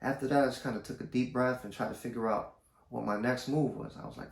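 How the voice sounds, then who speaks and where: A man telling a personal story to camera in a casual, slangy, low-key way. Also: fast, creaky. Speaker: vlogger. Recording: roomy echo.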